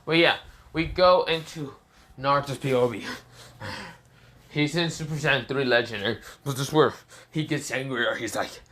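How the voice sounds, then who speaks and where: A man's voice: medium pitch, unhurried, fairly bright tone, slight background noise. A man casually telling an improvised fan story, rambling and swearing, full of fillers and self-corrections.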